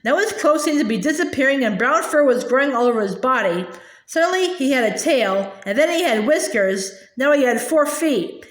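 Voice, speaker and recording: A woman's voice: sits high, lively intonation, normal speed. A woman reading a children's novel aloud with expression, sometimes stumbling and repeating words. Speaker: storybook reader. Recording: roomy echo.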